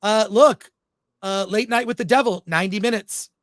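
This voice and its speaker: A man's voice: sits high, normal speed, dry recording. Dry-voiced, opinionated male film podcaster. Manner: opinionated, animated, reads out live chat comments. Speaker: podcast co-host. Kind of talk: casual film review chat.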